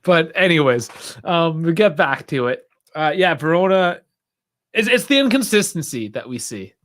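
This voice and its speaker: A man's voice: fairly high pitch, sing-song, normal speed, a bit bright. A young man hosting a football watch-along stream, chatting casually, reacting aloud with sighs and laughs and talking to his chat. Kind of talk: casual live match commentary.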